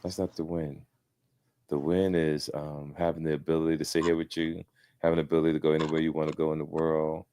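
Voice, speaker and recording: A man's voice: a bass voice, fast, smooth. A man talking as a guest on a casual podcast, telling stories with lots of energy and plenty of swearing. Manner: animated storyteller, swears freely.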